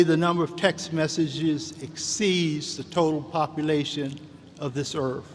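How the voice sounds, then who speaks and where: A man's voice: high-pitched, slight background noise. A man giving a folksy, rousing commencement speech from a podium, calling out to the graduates. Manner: folksy, rousing, calls out to the crowd. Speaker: commencement speaker. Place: large hall. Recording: echoey large hall.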